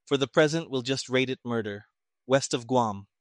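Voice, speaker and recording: A man doing a gruff, sarcastic army colonel. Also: medium pitch, moderate pace, no room sound, studio quality, close to an everyday voice.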